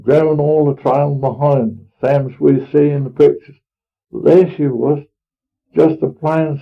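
A man playing an old Norfolk farmer, gravelly. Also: medium pitch. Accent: rural Norfolk dialect. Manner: homely, earnest, rambling dialect speech. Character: elderly pious rustic farmer, plain-spoken. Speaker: storyteller in character. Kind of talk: dramatic monologue reading. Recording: tinny phone-like old recording.

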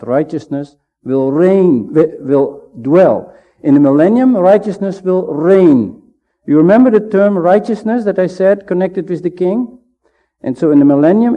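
Male preacher, slightly high voice, deliberate emphatic Bible teaching, muffled lo-fi sound. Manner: measured, emphatic, with pauses. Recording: dull lo-fi sound.

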